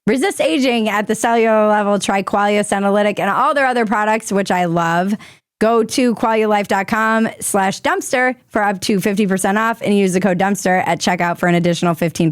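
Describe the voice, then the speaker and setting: A woman's voice: mid-range voice, clear, resonant tone, no room sound, studio quality. A woman hosting a comedic news commentary show, irreverent and crude in her jokes. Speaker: host.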